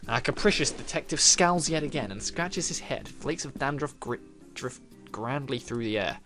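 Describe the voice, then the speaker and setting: A man's voice: fairly high pitch, animated, unhurried, fairly bright tone. A man playing through a visual novel, reading its narration aloud and reacting with swearing and laughter. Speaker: gaming youtuber.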